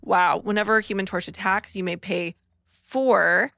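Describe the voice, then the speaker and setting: A woman with a slight cold, opening trading card packs in a bubbly vlog and reading card text aloud quickly. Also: mid-range voice, creaky, fairly bright tone, no room sound, clean studio sound. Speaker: card-opening content creator. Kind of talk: excited pack-opening vlog.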